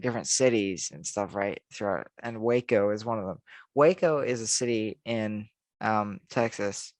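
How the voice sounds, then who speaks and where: An American man co-hosts a casual podcast chat in a medium-pitched voice, rambling with plenty of fillers and laughing often. The recording is dry.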